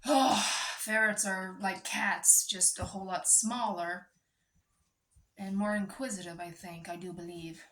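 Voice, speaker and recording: A woman's voice: mid-range voice, steady tone, a little slow, fairly bright tone, reverberant. A woman vlogging in a chatty, digressive monologue, breaking off to scold her pet. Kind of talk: casual rambling monologue.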